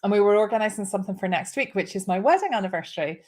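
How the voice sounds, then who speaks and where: A woman's voice: mid-range voice, expressive, racing, darkish tone. Chatty woman in her fifties. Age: 50s. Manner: chatty and emotional, with frequent laughs and restarts. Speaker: host. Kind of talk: casual live chat.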